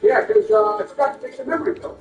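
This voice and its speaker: In a fast, sing-song, very high-pitched voice, a man provides comedic game commentary, slinging crude insults back and forth in bickering impressions. The audio sounds roomy, distant and muffled, with music playing.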